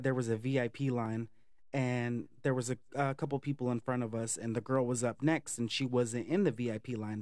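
A man telling a casual, profane story for a vlog, chatty and animated with lots of fillers. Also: medium pitch, no room sound, clean studio sound. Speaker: vlogger.

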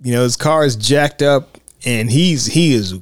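A man's voice: mid-range voice, measured pace, dry recording, clean studio sound. A man hosting a podcast, talking enthusiastically and a bit rambly about a movie, full of fillers and restarts. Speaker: podcast host. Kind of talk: casual film discussion.

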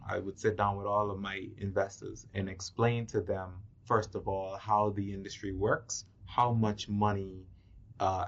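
A man, a filmmaker guest in an interview, explaining things in a measured, step-by-step way. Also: lowish voice. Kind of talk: casual interview chat. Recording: muffled lo-fi audio.

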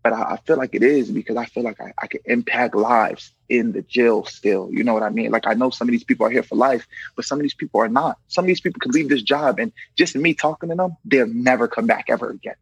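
A man who works as a correction officer, telling stories in a casual, animated way and acting out the voices of the people in them. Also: medium pitch, quick pace, vocal fry, hardly any pauses, breathy edge, dry recording, lo-fi sound. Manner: animated, acts out quoted voices, fills with "you know what I mean". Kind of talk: casual storytelling in an interview.

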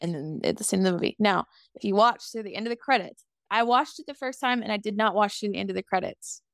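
A woman in her twenties chatting casually as a podcast co-host, recapping a film with sass, swearing freely and acting out lines in quick voices. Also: medium pitch, gravelly, a bit bright, no room sound, studio quality. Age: 20s. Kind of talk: casual movie recap chat.

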